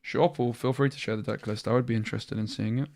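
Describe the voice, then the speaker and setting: A man's voice: medium pitch, fairly even intonation, quick pace, creaky, darkish tone. A young British man streaming a card game, thinking aloud in a chatty way, tired after a long session. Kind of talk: live-stream commentary while playing a card game.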